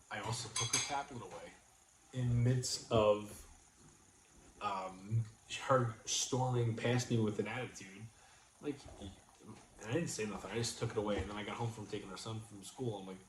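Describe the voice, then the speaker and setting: A man's voice: lowish voice, moderate pace. A middle-aged man hosting a casual livestream, telling a story and acting out quoted lines with energy. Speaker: vlog host. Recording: echoey room with faint noise.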